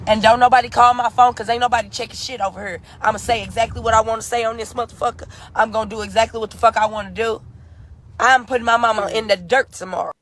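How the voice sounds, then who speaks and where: A woman's voice: a little high, steady tone, fast. A grieving woman ranting furiously in a live video, cursing and defiant, repeating herself. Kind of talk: angry profane rant.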